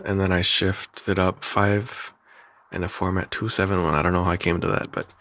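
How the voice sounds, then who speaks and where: Deep gravelly man explaining his work. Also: level tone, moderate pace, a bit bright. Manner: rambling, chuckling, self-interrupting. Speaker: animator and musician. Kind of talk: production breakdown talk.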